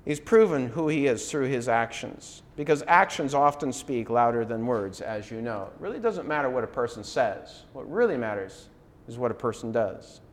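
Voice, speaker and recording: A man's voice: medium pitch, expressive, moderate pace. A middle-aged man, a preacher, delivering a conversational sermon with rhetorical questions and a casual tone.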